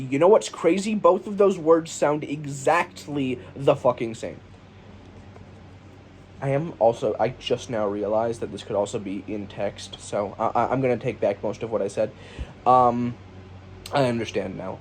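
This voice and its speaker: A man's voice: medium pitch, a little mellow. A man hosting a casual solo comedy podcast, sarcastic and profane, riffing on each item of a list he reads out. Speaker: podcast host. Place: home room with a lawn mower outside. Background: faint lawn mower noise from outside.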